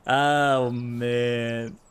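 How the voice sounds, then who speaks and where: A man's voice: medium pitch, flat delivery, very slow, background noise. A man streaming a game, chatting casually, playful and punning and laughing often. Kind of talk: casual gaming commentary.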